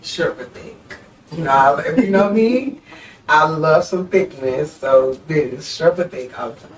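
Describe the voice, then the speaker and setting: A man's voice: on the high side, expressive, unhurried. A man guesting on a casual interview show, talking in a flamboyant, playful way with frequent laughter and lots of y'all. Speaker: guest musician and reality TV personality. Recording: distant mic with faint background noise.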